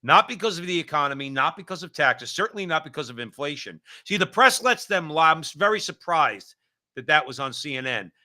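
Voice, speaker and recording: A male co-host on a political talk show. His voice is very bright and cutting, set a little high. He hammers points home by repeating phrases. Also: animated, fairly quick. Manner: emphatic, repeats himself for stress.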